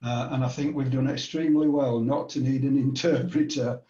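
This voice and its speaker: Mellow Yorkshire man, dull echoey sound. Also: mid-range voice, fairly even intonation, a little fast, recorded from a distance, a little hiss or hum. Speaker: club member.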